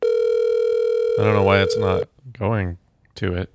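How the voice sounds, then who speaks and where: A man's voice: deep voice, huge pitch swings, slow pace, very noisy. A man co-hosting a podcast in casual chat, loose and laughing, with a lot of swearing. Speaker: podcast co-host.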